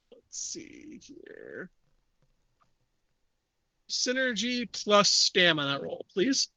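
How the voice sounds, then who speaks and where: High, slow-talking game master man. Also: sing-song, gravelly, sharp tone, no echo. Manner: measured, descriptive narration. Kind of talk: narrating a tabletop game.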